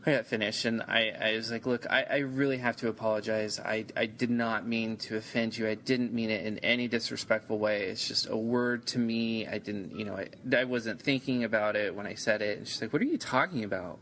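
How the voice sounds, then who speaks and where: A man's voice: lowish voice, steady tone, brisk, hardly any pauses, a bit bright, a little hiss or hum. A man in casual podcast chat, telling a rambling story with lots of cursing and stammered restarts. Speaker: podcast co-host.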